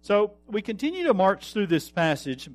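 Male pastor, high voice, earnest sermon delivery, dry close mic over faint guitar. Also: big pitch swings, no echo. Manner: earnest preaching, slows for emphasis, trails off softly.

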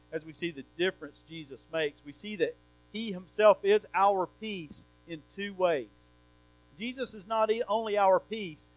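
Man, high voice, sermon, teaching verse by verse, electrical hum behind. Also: no echo, low-quality recording. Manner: explains verse by verse, asks the room questions. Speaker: preacher. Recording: mains hum.

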